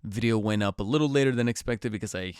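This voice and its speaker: A man's voice: on the low side, fast talker, a little mellow, smooth, no echo, clean studio sound. A man hosting his own podcast in casual chat, a bit nasal and congested from a cold, rambling with many fillers and restarts. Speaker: podcast host. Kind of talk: casual solo podcast talk.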